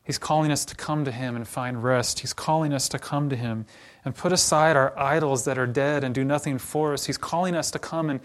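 A man preaching a sermon as a pastor, telling a story and then quietly leading a closing prayer. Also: on the high side.

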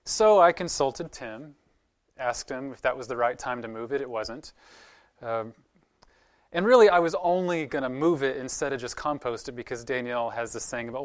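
A man's voice: mid-range voice, moderate pace. A male pastor giving a sermon in a conversational, earnest way, often putting questions to the congregation.

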